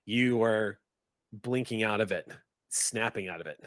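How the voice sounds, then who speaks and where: A man running a tabletop game as game master, narrating in a halting way as he searches for words. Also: fairly low pitch, fairly bright tone, no room sound.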